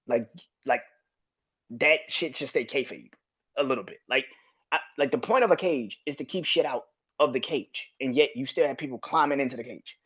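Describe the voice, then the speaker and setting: A man with a mid-range, slightly rough and somewhat bright voice speaks at a moderate pace on a muffled recording. Hosting a solo wrestling review podcast, he rants with heavy swearing, profane and repetitive, frequently restarting his sentences.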